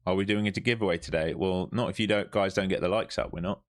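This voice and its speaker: A man's voice: low voice, fast talker. A tired man, giving loose, chatty live commentary as he trades on a stream. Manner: chatty, loose and profane, thinking aloud. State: overtired.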